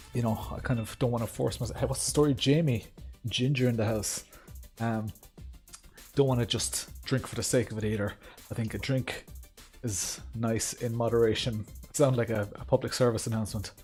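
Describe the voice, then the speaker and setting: An Irish man rambles through casual chat with his viewers while streaming a racing game, full of ums and asides. He has a darkish, mid-range voice with a steady tone and moderate pace, and faint background music plays.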